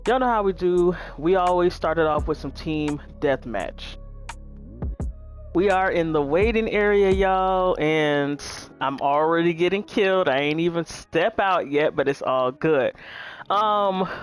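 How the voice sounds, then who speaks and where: Woman streamer, laid-back talker who speaks straight to her viewers, soft music bed underneath. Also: lowish voice, moderate pace. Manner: chatty, relaxed, says "y'all" and "um" a lot. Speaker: gaming YouTuber. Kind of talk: casual gameplay commentary.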